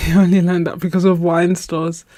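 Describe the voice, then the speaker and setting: A woman's voice: fairly low pitch, normal speed, no room sound, studio quality. Chatty woman telling a funny story. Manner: animated storytelling, laughs often. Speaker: art channel host. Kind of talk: casual live chat story.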